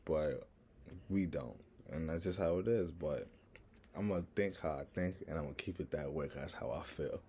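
A young man with a thick New York accent holds forth to his viewers in a loose, rambling monologue. His voice sits very low and sounds mellow and dark. He is brash and profane, leaning on "like" as he goes. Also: normal speed, slight background noise. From Harlem, New York. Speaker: vlogger.

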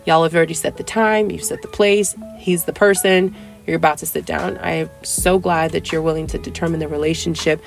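A young adult woman hosting a casual dating-advice podcast, chatty and playful, acting out little dialogues with big jumps in pitch. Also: fairly even intonation, a little fast, gravelly, faint music behind. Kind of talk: casual solo podcast talk.

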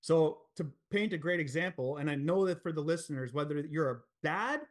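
Frank man telling his story, slightly high voice. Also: a little fast. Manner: frank, earnest, swears freely, many fillers. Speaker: podcast guest. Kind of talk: candid storytelling in a podcast interview.

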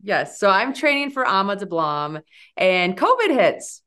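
A woman in her forties, a guest on an interview podcast, telling a story in a lively way and jumping up in pitch when she quotes herself. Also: unhurried, clear, resonant tone. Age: 40s. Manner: animated, leaps high when quoting herself.

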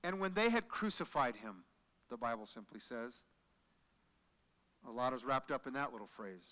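A man preaching a sermon as pastor, swinging between hushed, quiet passages and loud, forceful ones. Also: mid-range voice, lively intonation, normal speed. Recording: muffled recording in a large echoing hall.

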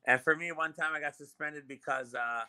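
A man in his fifties chatting casually on a podcast, telling stories in a lively, animated way. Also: on the high side, moderate pace, rough recording. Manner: animated storyteller, lively retelling of arguments.

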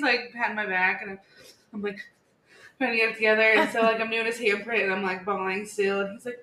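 A woman in her thirties, co-hosting a podcast in casual chat, telling stories in a chatty, animated way with many "like"s. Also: medium pitch, fast talker. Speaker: podcast co-host. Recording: echoey room with faint background hiss.

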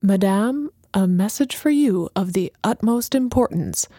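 A woman's voice: medium pitch, animated, unhurried, mellow, no room sound, studio quality. A woman voicing an eccentric old man who acts as a busy professor, speaking formally and muttering.

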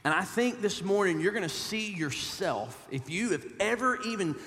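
Pastor, male, fairly high voice, earnest sermon delivery with echoing hall reverb. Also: animated, normal speed. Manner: earnest, repeats words, swings from loud pleading to hushed.

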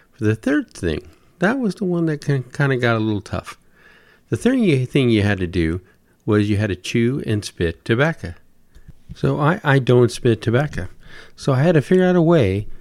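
Low-voiced folksy male storyteller. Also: a little mellow, no echo. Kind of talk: humorous storytelling.

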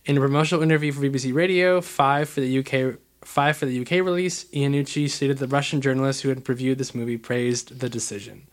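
A man's voice: mid-range voice, steady tone, fast talker. A man co-hosting a podcast, reading out film facts and then riffing on them loosely in casual chat.

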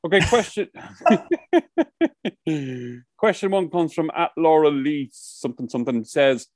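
A man's voice: fairly high pitch, sing-song, unhurried, long pauses, darkish tone, no echo. A man co-hosting a casual podcast chat, telling rambling stories and swearing freely. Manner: rambling storyteller, swears a lot. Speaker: podcast co-host. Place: outdoors by the coast.

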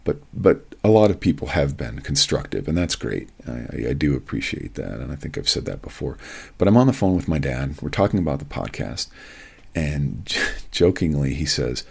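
A man's voice: very deep voice, sing-song, normal speed, vocal fry, breathy edge. A man hosting his own podcast, talking plainly and casually with a wry, folksy manner. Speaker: podcast host. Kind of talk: casual solo podcast talk.

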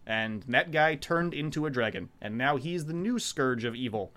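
Rambling, profane man recapping a show. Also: mid-range voice. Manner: rambling, profane, animated retelling with quick quoted voices. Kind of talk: casual chat recapping a show.

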